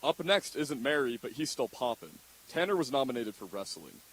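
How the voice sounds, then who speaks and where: A man announcing candidates at a school assembly, reading jokey introductions in a deadpan way. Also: medium pitch, moderate pace, husky, poor audio. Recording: faint hiss.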